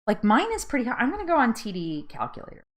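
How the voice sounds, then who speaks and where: A woman's voice: fairly high pitch, huge pitch swings, quick pace. A woman in her thirties hosting a casual live chat, chatty, laughing often and tripping over words. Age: 30s. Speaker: host.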